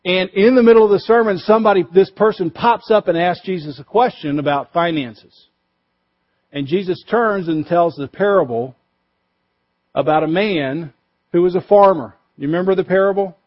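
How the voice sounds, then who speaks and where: A male pastor preaching a sermon, emphatic, pushing his voice up for stress and dropping low and quiet to drive points home. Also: normal speed, muffled recording. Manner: emphatic, rises and drops for stress.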